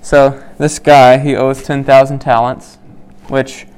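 Man with a smooth, clear voice leading Bible study. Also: medium pitch, flat delivery, takes it slowly, darkish tone. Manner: conversational, checks in with listeners by asking "right?"; many "um"s and restarts while explaining. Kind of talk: reading scripture aloud and explaining it.

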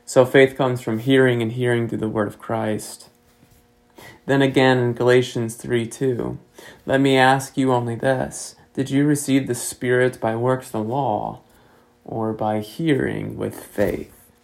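A man preaching a sermon as pastor, measured and earnest, pressing rhetorical questions. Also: mid-range voice, flat delivery, vocal fry, low-quality recording.

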